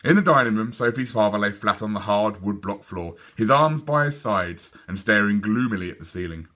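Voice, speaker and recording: A man reading a children's book aloud in a lively, expressive storytelling voice. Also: fairly low pitch, brisk. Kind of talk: children's read-aloud narration.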